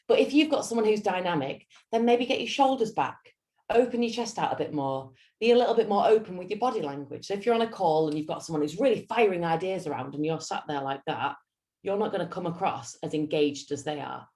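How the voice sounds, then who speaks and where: This Yorkshire woman coaches public speaking at a lunch-and-learn session, her fairly low voice moving quickly. Her delivery is lively and dramatic, swooping up and down.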